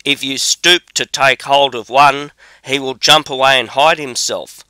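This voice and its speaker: Bold young drummer guy, fearless and cocky, slow clear bright voice from a man reading it out. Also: mid-range voice, fairly even intonation, dry recording. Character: brave, boastful young male drummer.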